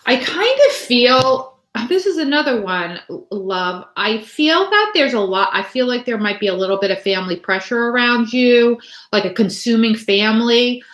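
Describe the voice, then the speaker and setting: A woman's voice: fairly high pitch, expressive, normal speed, fairly bright tone, roomy sound. A woman giving a live tarot reading to viewers, chatty and rambling, full of fillers and restarts. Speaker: tarot reader.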